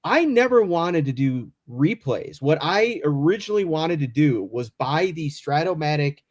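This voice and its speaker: A man's voice: fairly high pitch, animated, moderate pace, a little mellow. A man from the Chicago area, a guest on a remote call, telling rambling stories full of tangents and apologies. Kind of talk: casual chat. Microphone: remote call mic.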